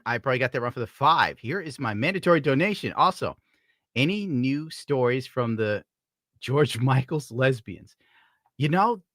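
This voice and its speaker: Brief: male streamer, bright forward tone, dry close mic, swears freely, rambles and jokes between donation reads. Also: mid-range voice, dry recording. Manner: profane, rambling, jokey. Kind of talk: casual live-stream chat.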